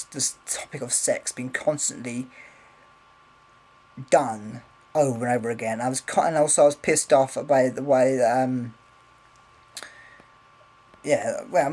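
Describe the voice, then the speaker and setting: A man's voice: mid-range voice, darkish tone, rough recording. A man rambling casually in a vlog, swearing freely, filming on a handheld camera. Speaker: vlogger.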